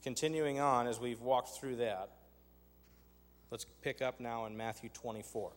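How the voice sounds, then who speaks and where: A man's voice: mid-range voice, fairly even intonation, a little slow. A man preaching a sermon, conversational and emphatic, with rhetorical asides to his congregation. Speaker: pastor. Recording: long hall reverb.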